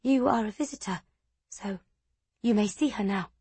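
A woman's voice: medium pitch, moderate pace, dark tone, breathy edge, no echo. A woman voicing a timid, anxious young maid in an audiobook, fearful and pleading. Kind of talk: audiobook character voice.

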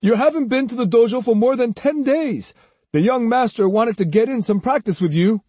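Pushy demanding fencing student, brusque, high husky voice, a male narrator doing him. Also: sing-song, drawn-out words, darkish tone, dry recording, exaggerated voice.

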